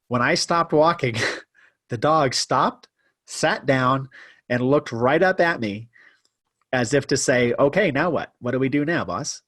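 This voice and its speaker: A man telling a personal story as a podcast guest, animated and self-deprecating, shifting his pace for effect. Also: medium pitch, dry recording, clean studio sound. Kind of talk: casual storytelling interview.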